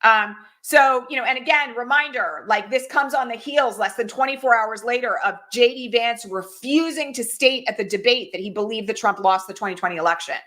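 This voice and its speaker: Brisk and barely pausing, a middle-aged woman with a slightly high, somewhat bright voice hosts a political livestream. She comments urgently and head-on, asking the audience questions she doesn't expect answered.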